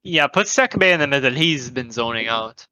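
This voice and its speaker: A man playing in a tabletop game, planning quickly and rambling with fillers. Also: mid-range voice, expressive, sharp tone, dry recording. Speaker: player.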